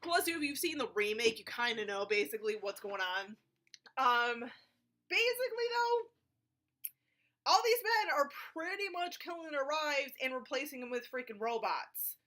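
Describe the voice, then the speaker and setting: A woman's voice, high and bright, talking through a film review in a loose, rambling way. She drifts between points, leans on fillers, and drops blunt, jokey asides. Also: moderate pace. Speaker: movie reviewer. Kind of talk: casual spoken film review.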